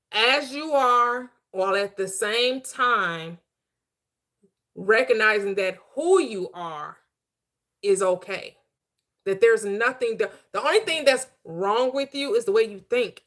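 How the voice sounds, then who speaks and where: A woman with a bright, forceful voice delivers a motivational talk. She speaks in a style, stacking short repeated phrases like a preacher. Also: a little high. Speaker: host, manifestation coach. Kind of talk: motivational talk show chat.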